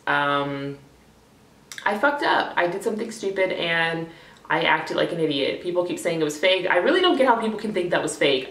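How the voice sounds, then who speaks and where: A young woman rambles candidly to her camera, swearing often and filling gaps with ums and likes. Her voice sits low with a gravelly fry. The sound is roomy and echoey, as if the camera sits a little way off. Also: fairly bright tone. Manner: rambling, candid, swears freely, many fillers. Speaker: vlogger. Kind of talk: casual talking-head vlog. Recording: echoey room, voice a bit far from the mic.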